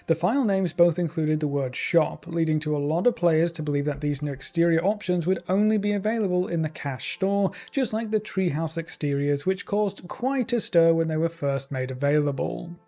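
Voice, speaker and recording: Mellow-voiced man reading game news. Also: a little high. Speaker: news narrator. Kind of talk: scripted game news narration.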